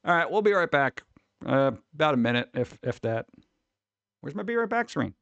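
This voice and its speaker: A man hosting a casual live stream, rambling and mocking things with sudden jumps up into a high voice. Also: very animated, normal speed, gravelly, a bit bright, clean tone, dry recording, muffled recording. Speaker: streamer host.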